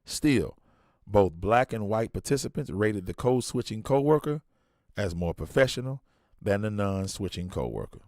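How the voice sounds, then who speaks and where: A low-voiced man hosts a podcast, reading a study aloud in a halting way and correcting himself as he goes. Between passages he drops into blunt, casual commentary. The recording is dry and close. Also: animated, darkish tone, no room sound. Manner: reads haltingly, restarts, blunt colloquial asides. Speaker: podcast host.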